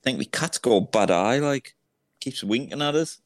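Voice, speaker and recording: A man's voice: mid-range voice, animated, moderate pace. A Northern English man co-hosting a podcast, chipping in with short, dry reactions. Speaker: podcast co-host. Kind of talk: casual chat.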